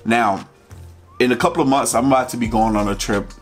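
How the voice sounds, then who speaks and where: A man speaks straight to camera in a candid, heartfelt vlog, telling his own story in a loose, conversational way. His voice sits at an ordinary middle pitch, with faint music playing behind him. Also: fairly quick. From Georgia, USA. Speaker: vlogger.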